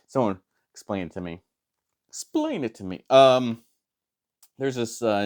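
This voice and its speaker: A man with a very low voice chats casually as he reviews a comic book. He rambles and hesitates, restarts his sentences, and fills pauses often. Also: clear, resonant tone. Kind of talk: casual chat.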